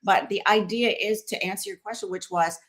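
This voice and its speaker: A woman's voice: mid-range voice, fairly even intonation, a little fast, fairly bright tone. A woman as a podcast guest and company founder, talking animatedly, listing examples and acting out little quotes. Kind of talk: podcast conversation.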